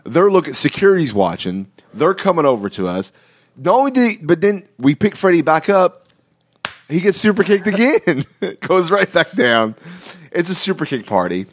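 A man's voice: a little high, big pitch swings, normal speed, no room sound. A man hosting a casual podcast chat, telling a story in a rambling way with many restarts and frequent laughter. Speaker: podcast host.

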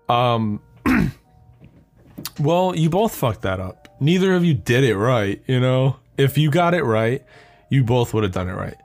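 A young man talks alone into a close podcast mic, rambling and cursing freely as he goes. He laughs at his own jokes, and his pitch sits in an ordinary middle range. Faint music plays underneath. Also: lively intonation, normal speed. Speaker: podcast host. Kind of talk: casual solo podcast monologue.

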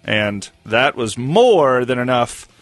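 Teasing, lively-voiced male radio host. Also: mid-range voice, takes it slowly, no echo. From American South. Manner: teasing, wry banter. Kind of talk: casual chat.

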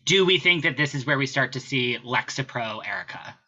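A man chatting casually as a podcast guest, blunt and quick with swearing asides. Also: medium pitch, bright, forceful tone, dull audio.

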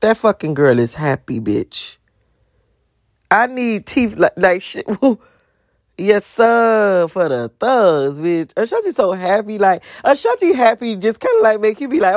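Young woman rambling on cam, cussing, animated, dry close mic. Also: mid-range voice, normal speed, dry recording. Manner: profane, animated, breaks into singing. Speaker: vlogger. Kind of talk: casual rambling commentary.

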